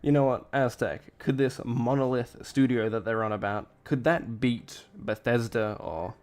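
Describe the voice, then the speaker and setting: A man's voice: medium pitch, steady tone, a little slow, darkish tone. A tired man streaming and reacting to a clip, rambling and blunt in casual commentary, cursing freely.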